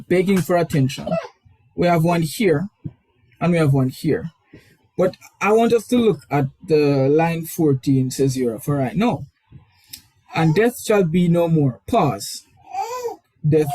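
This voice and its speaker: A man's voice: on the high side, a little mellow, no echo, poor audio. A male literature teacher with a Caribbean accent, explaining a poem's form reflectively during an online lesson. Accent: Caribbean English. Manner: explanatory, reflective, with frequent fillers.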